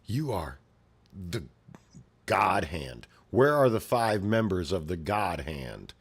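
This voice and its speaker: Dude reading as a cold vengeful swordsman, low flat menacing comic voice. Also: a little slow, husky, exaggerated voice. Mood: cold menace. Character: grim adult male swordsman, cold and vengeful.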